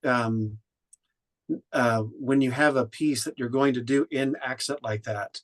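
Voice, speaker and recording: A man's voice: mid-range voice, fairly even intonation, measured pace. A man from Oklahoma, an audiobook narrator and director, giving conversational feedback with frequent restarts. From Oklahoma, USA. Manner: thoughtful, with frequent restarts and fillers.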